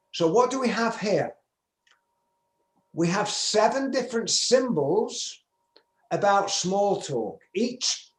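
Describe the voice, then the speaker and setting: An older man with a northern English accent gives an emphatic conference presentation, his voice sitting a touch high. He acts out little sample conversations as he goes. The sound is roomy and echoey. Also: darkish tone. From England, Manchester. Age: 70s. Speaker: business skills speaker. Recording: roomy echo.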